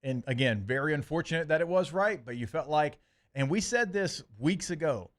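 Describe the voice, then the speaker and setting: A man's voice: on the high side, lively intonation, normal speed. Easygoing sports-radio co-host, a man. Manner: conversational, laughs easily. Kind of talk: casual sports talk.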